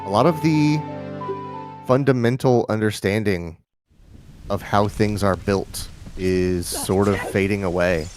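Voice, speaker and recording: A man's voice: lowish voice, a little slow. A man hosting a live stream, chatting casually and telling rambling stories with quoted asides. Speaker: stream host. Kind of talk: casual chat while gaming. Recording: game music behind voice. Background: game music.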